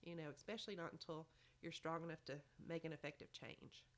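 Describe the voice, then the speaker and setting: A woman's voice: sits low, brisk. A woman giving motherly advice in a chatty podcast conversation, often saying "you know". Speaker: podcast guest. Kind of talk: casual advice chat.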